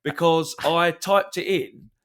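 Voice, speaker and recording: Style: rich. A man with a somewhat high, croaky voice co-hosts a laid-back podcast. He chimes in with quick agreement and dry, wry remarks. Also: steady tone, a bit bright. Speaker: podcast co-host. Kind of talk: casual chat.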